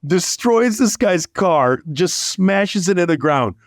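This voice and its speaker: A man telling a long story in casual chat, animated and rambling. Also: high voice, slow, no echo, clean studio sound. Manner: animated, rambling, lots of likes.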